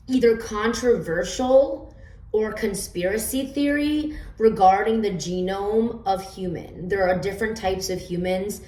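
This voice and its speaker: A woman's voice: medium pitch, darkish tone. Rambling woman with a roomy, distant sound. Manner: rambling, stammering restarts with many fillers. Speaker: oracle card reader. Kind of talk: casual show-and-tell of her own oracle cards. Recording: roomy echo, distant from the mic.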